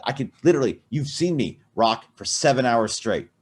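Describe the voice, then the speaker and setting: A man's voice: medium pitch, lively intonation, moderate pace, husky. A man on a casual podcast, rambling and swearing through a drunken personal chat with many restarts. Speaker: podcast co-host.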